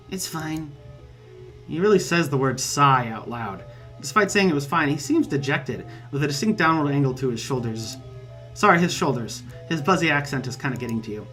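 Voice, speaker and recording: A man's voice: a little high, lively intonation, quick pace, a bit bright, soft background music. A man hosting a let's play, reading a visual novel aloud and adding wry, joking asides.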